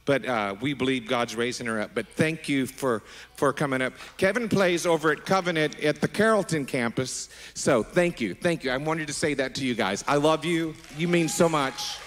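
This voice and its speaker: A middle-aged man preaching as a pastor, animated and affectionate, wandering into asides with his congregation. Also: a little high, moderate pace. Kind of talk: sermon. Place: large church sanctuary. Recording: long hall reverb.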